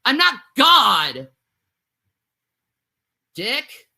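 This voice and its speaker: A woman's voice: fairly high pitch, wildly swooping pitch, extremely slow, pushed and bright, breathy edge. A woman ranting angrily at her husband, profane and bitter. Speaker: livestreamer. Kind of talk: angry rant.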